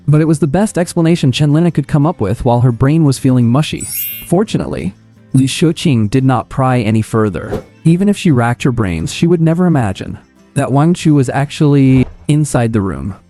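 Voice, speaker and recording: A man narrating a scripted comic story recap in a steady, even storytelling manner. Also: medium pitch, moderate pace. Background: faint music.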